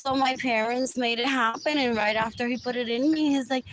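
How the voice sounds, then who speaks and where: A woman hosting a live stream, rambling on in a monologue, repeating herself, dropping in Spanish words and now and then breaking into shouts. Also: a little high, fairly even intonation, a little fast, poor audio. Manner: repetitive, keeps asking "what else?", bursts into shouts. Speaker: livestream host. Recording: loud background noise.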